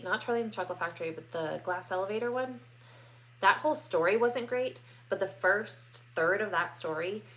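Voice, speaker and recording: A woman's voice: fairly low pitch, fairly bright tone, a little hiss or hum. A woman in her thirties hosting a live question-and-answer stream from home, chatting casually with many ums and likes and reading viewer comments aloud.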